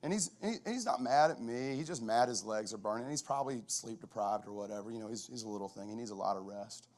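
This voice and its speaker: A middle-aged man, a football coach, giving a conversational storytelling talk at a chapel, lively and full of restarts. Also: fairly low pitch, quick pace.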